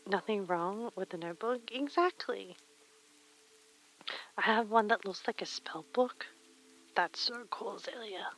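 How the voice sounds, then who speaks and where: A woman streamer chatting casually while she sews, reading chat aloud and muttering soft whispers to herself. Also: mid-range voice, unhurried, pauses often, rough recording. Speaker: live streamer.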